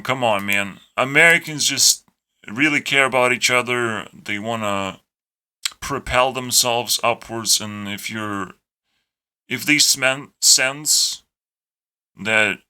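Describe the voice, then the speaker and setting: A man's voice: mid-range voice, sharp tone, smooth. A young man from Lithuania with a Lithuanian accent, ranting to camera in a profane, sarcastic, self-deprecating way. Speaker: YouTuber. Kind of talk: rambling rant to camera.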